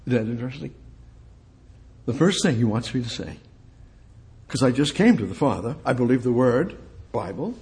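A preacher gives a sermon and reads Bible verses aloud, driving his points home with repeated short phrases and questions to his listeners. His sing-song voice swings from loud exclamations to quiet asides at a moderate pace, with frequent pauses.

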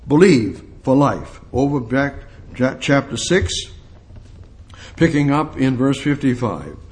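A man's voice: medium pitch, lively intonation, slow, a little mellow. A man teaching a bible study sermon, reading verses aloud and then commenting on them with emphatic repetition. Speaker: preacher teaching scripture.

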